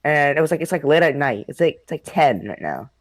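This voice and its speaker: A host, a young man with a fairly high, very animated voice, talks fairly quickly on a dry recording. He casually rambles through a spooky story from his childhood, swearing a lot and laughing often.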